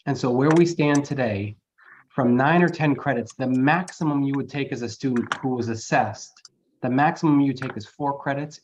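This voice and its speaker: Earnest male administrator presenting to a board, mid pitch, muffled lo-fi meeting audio. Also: a little mellow. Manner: earnest, emphatic, grateful. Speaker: college administrator presenting to trustees. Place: meeting room. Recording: dull lo-fi meeting audio with faint noise.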